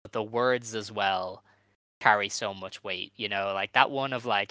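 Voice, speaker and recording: A man talking casually and earnestly on a podcast, pausing with frequent ums. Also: on the low side, fairly even intonation, bright, forceful tone, dry recording, low-quality recording. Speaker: wrestling podcast panelist.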